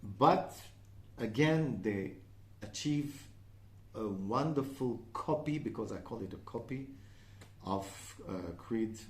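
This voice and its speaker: This perfume reviewer, a native French speaker with a French accent, talks casually at a slow pace with lively intonation. His pitch is medium, the sound reverberant, and he keeps dropping "uh" and asking "okay?"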